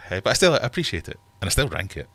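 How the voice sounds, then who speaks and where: A British man in his thirties hosts a relaxed livestream from his home fish room. His voice sits very low, and he rambles good-naturedly, cracking jokes as he reads viewers' comments aloud. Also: very fast, breathy edge, dry recording. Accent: British English. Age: 30s. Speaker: livestream host. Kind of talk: casual livestream chat.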